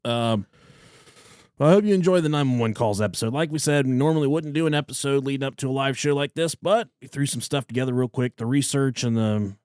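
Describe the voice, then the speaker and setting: A man co-hosting a podcast, in loud, profane, joking banter. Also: medium pitch, fast talker, clean tone, dry recording, clean studio sound. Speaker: podcast co-host. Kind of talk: casual crude banter.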